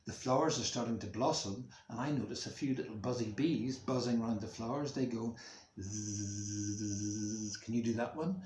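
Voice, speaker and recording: A man's voice: medium pitch, slight background noise. A male music teacher reading a story to schoolchildren, acting out the sounds with expression, recorded in a room at home. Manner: slow, expressive, making sound effects for kids. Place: room at home near a main road, window open. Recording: roomy echo.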